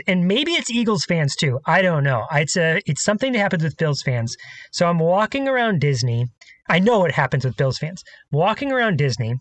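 A man co-hosting a casual podcast, speaking in a slightly higher register. He tells stories with animated energy. The sound is dry and close to the mic. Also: no room sound. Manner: animated storytelling, chants sports cheers. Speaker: podcast co-host.

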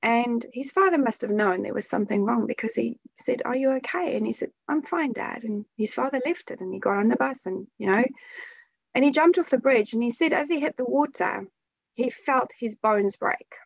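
A woman telling a heartfelt story in an earnest way, with pauses and restarts, in a spiritual conversation. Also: fairly high pitch, vocal fry, no room sound. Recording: dull lo-fi sound.

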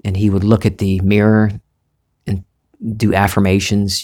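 A man with a mild Southern US accent, talking through a reflective spiritual monologue in a musing, unhurried way, restarting phrases and laughing easily. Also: on the low side, darkish tone. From Southern United States. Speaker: spiritual vlogger, former reporter.

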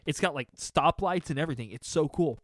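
A man's voice: a little high, brisk, a bit bright, no room sound. A young man telling a funny story in casual chat, acting out his friends' voices and laughing often.

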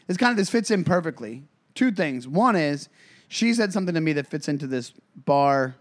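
A man's voice: a little high, expressive, moderate pace. A man co-hosting a casual comedy podcast, telling rambling stories with lots of restarts and self-corrections. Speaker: podcast co-host.

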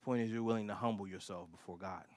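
A man's voice: fairly low pitch, steady tone, fast, darkish tone, dry recording, studio quality. A male pastor preaching a sermon, emphatic and repetitive, with casual asides to the congregation.

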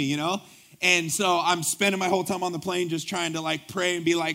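A male pastor with a fairly high voice delivers a sermon. He tells a story animatedly, acting out the dialogue. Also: little pitch movement, fairly quick, bright, forceful tone.

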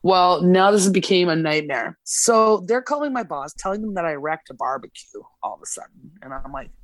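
A woman's voice: lowish voice, expressive, moderate pace, no echo. A woman guest on a casual podcast, telling a story with lots of swearing and acted-out quotes. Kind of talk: casual chat. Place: podcast studio.

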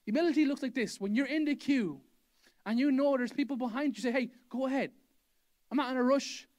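A man with a notably high voice delivers a sermon as a pastor. He preaches with emphasis, circling back to the same phrases again and again to drive his point home. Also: a little fast, a little mellow. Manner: emphatic, repeats key phrases for effect. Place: church hall.

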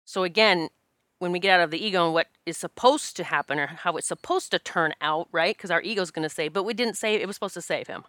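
Speaking fast in a low-ish voice, a Reiki practitioner shares a personal story candidly and emotionally, animatedly quoting herself and others in a casual way. The sound is studio quality with no echo.

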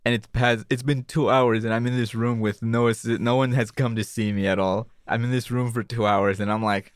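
A young man in his twenties tells a story among friends, looping back over the same phrases as he goes. His voice sits at a middling pitch. The sound is dry and close, with no room around it. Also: fairly even intonation, a little fast, few pauses, clean tone, dry recording. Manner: rambling, repeats phrases while telling a story. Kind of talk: casual chat, storytelling.

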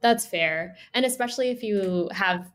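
Young woman cohost, laid back, thinking out loud in casual chat. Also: mid-range voice, moderate pace. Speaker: podcast co-host.

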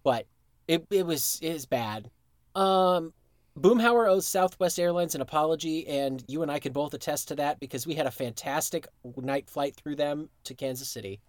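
A man's voice: on the high side, normal speed, no room sound. A man co-hosting a podcast in casual chat, laid-back and chatty, laughing easily. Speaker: podcast co-host.

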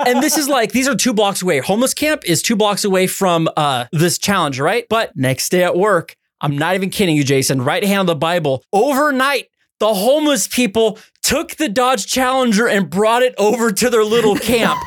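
A young man co-hosting a podcast, telling a story in casual chat, animated and swearing, his voice jumping high when excited. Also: normal speed, hardly any pauses, no echo, studio quality. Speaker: podcast co-host.

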